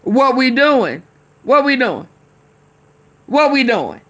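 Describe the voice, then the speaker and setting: A fiery woman talks slowly over news clips. Her voice is bright and forceful. She repeats herself and fires questions straight at her chat. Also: sits high, very animated. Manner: heated, repetitive, talks back to chat. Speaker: commentary host.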